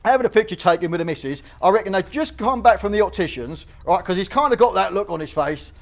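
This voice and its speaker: A man's voice: sits high, lively intonation, fast talker. A man with a Cockney accent, an auctioneer chatting casually as he walks through the lots. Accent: London Cockney. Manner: chatty, cheeky, full of slang asides. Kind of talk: casual walkthrough chat.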